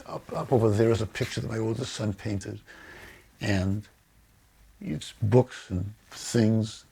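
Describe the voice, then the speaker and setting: A low, gravelly voice from an older man who tells his stories slowly and reflectively. His speech is weak and unsteady from Parkinson's, stuttering and repeating words, and the tone is dark and mellow. Faint hiss sits under the recording. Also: fairly even intonation. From United States. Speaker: author and publisher. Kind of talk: personal storytelling to camera.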